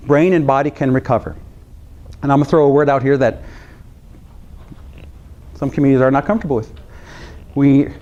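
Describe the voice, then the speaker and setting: A health psychologist from the US, his voice a little high, gives counselors a spirited training lecture on audio with the high frequencies cut off. He leans on repeated key phrases for emphasis and banters with the audience.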